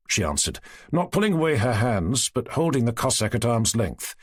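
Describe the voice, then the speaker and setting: A man narrating a classic novel as an audiobook in an expressive storytelling manner. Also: mid-range voice, moderate pace, breathy edge, no echo, studio quality. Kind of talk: scripted narration.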